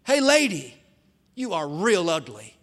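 A man's voice: high voice, sing-song, measured pace, fairly bright tone, big-room sound, heavily acted. A man voicing a rude, arrogant male parrot that squawks and taunts a passer-by. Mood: mocking.

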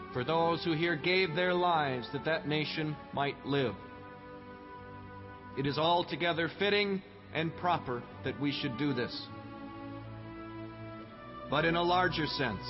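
A man playing a solemn older statesman, delivering a wartime address in slow, measured oratory, with music behind. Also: a little high, close to an everyday voice. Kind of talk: historical impression in a church service. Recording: dull sound with music behind. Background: clear music.

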